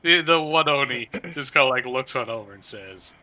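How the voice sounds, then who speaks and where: Halting male game master, sharp tone. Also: medium pitch, lively intonation. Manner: halting, full of "uh" and "kinda". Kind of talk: narrating a tabletop game.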